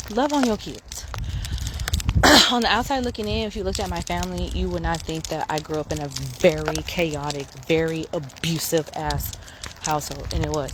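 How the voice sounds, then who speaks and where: A woman in her thirties talking frankly and emphatically to camera while out on a morning walk, swearing freely. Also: sits low. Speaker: vlogger. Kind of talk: casual rant to camera. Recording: noisy outdoor phone recording.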